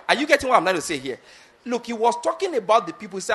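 A man's voice: sits high, big pitch swings, very fast, a bit bright, slightly rough. A man preaching a sermon, retelling a scripture story and often asking his listeners whether they follow his point.

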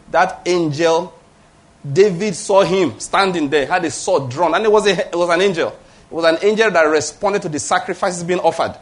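A Nigerian pastor in his fifties preaches with emphasis. His voice sits a little high for a man, and he repeats his key points and keeps asking the congregation whether they follow. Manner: emphatic, repeats key phrases, asks the congregation "All right?". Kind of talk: sermon.

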